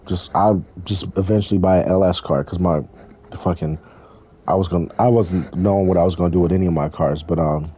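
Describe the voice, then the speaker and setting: A man's voice: deep voice, steady tone, fairly quick, warm tone, slight background noise. A young man rambling through a casual, profane Q&A with viewers while playing a driving game. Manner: rambling, profane, loose slang. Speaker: YouTuber answering viewer questions.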